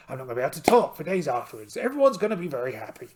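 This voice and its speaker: A man's voice: a little high, big pitch swings, quick pace, vocal fry, hardly any pauses. A man making wry, self-mocking asides while playing a solo tabletop game. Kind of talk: joking aside to viewers.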